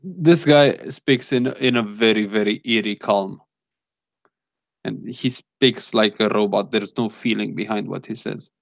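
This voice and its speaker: A man's voice: on the low side, unhurried, creaky, no echo, dull audio. A man narrating as game master of a tabletop game, describing scenes with frequent fillers.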